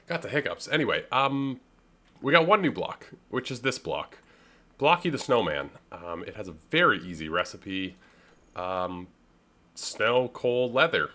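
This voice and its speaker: A young Canadian man offers loose, rambling commentary over his own gameplay, chatting and cutting himself off as he plays. The gaming YouTuber has a medium-pitched, sing-song voice that is bright and forceful, delivered a little slowly.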